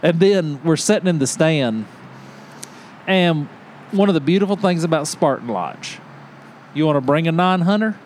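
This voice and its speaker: A man on a podcast telling a hunting story in casual chat, animated and laughing often as he acts out what people said. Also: a little high, moderate pace, a little hiss or hum. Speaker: podcast host.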